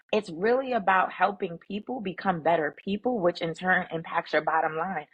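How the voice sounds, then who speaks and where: Husky-voiced woman telling work stories. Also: fairly low pitch, poor audio. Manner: animated, emphatic, acts out quoted dialogue. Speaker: guest, emotional intelligence speaker. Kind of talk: conversational storytelling.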